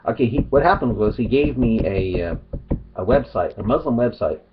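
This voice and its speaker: A man's voice: medium pitch, lively intonation, fairly quick, highs cut off, music in the background. A middle-aged man talking casually to his webcam, rambling and restarting his sentences. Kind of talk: casual vlog monologue. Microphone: webcam or phone.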